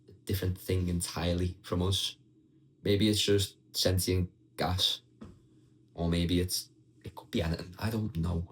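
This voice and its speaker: A man's voice: deep voice, poor audio. A young man ranting casually and bluntly to his viewers, swearing freely and talking straight at the camera. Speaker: vlogger.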